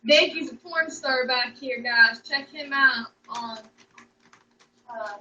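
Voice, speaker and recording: A woman's voice: sits high, slow, sharp tone. A young woman chatting casually on a livestream, rambling, joking and swearing freely. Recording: echoey room, distant mic, dull sound.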